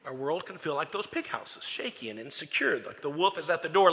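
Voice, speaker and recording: A man's voice: a little high, big pitch swings, a little fast, fairly bright tone. A man preaching a sermon as pastor, folksy and joking as he tells stories. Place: church sanctuary. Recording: echoey church hall.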